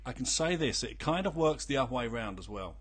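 A man's voice: medium pitch, expressive, a little fast. A man with a British accent co-hosting a radio show, joking and teasing in casual banter. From Britain. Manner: teasing, dry, laughs between lines. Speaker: radio co-host.

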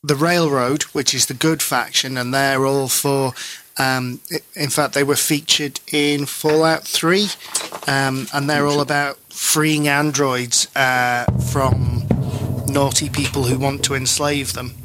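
A man's voice: mid-range voice, level tone, slow, background noise. A man co-hosting a casual gaming chat, explaining things with hesitant fillers.

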